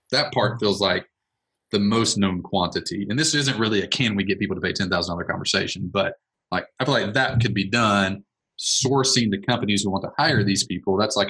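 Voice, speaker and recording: A man leading a casual business brainstorm, thinking out loud in a rambling way. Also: sits low, breathy edge, rough recording. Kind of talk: casual meeting discussion.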